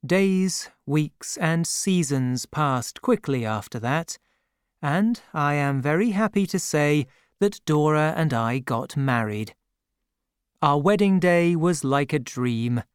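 A man narrates a storybook in an unhurried, deliberate reading. His voice is smooth and clear, sitting a little high for a man, and the recording is dry and close. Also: expressive, dry recording. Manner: slow, careful reading with mild character voicing. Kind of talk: scripted audiobook narration.

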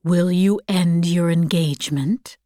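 A woman's voice: fairly low pitch, slow pace, warm tone, no room sound, clean studio sound. A woman voicing a stern, serious father who asks short questions.

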